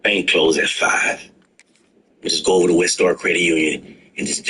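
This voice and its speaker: A middle-aged man telling stories in a casual podcast chat, animated and profane, acting out his own past words. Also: deep voice, normal speed, pauses often, a little hiss or hum. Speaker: guest storyteller.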